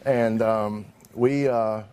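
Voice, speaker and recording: A man's voice: lowish voice, fairly even intonation, very slow, darkish tone, smooth. A middle-aged man, a comedian guest in an interview, telling candid personal stories in a wry, self-deprecating way and acting out the people in them.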